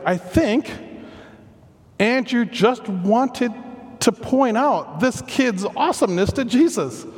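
High-voiced guy preaching, animated storytelling with jokes at his own expense, long echo in a big hall. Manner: animated storytelling, self-deprecating asides. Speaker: pastor. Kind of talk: sermon.

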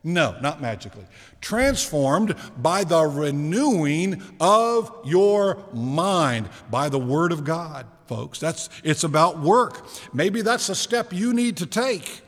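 A male pastor giving a sermon in a relaxed, conversational way, asking the congregation questions and slowing down to stress key words. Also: fairly high pitch. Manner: conversational preaching with rhetorical questions and slowed emphasis. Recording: long reverb of a large hall.

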